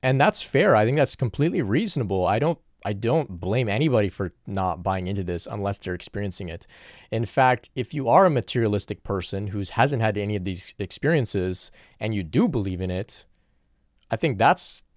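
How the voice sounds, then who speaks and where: A man's voice: lowish voice, expressive, brisk, no echo, studio quality. A man in an earnest, reflective solo question-and-answer talk, working through spiritual questions from viewers.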